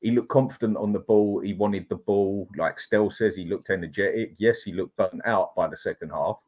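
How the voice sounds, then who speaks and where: Brief: easygoing male host, lower voice, measured and reasonable. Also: muffled recording. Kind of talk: casual debate chat.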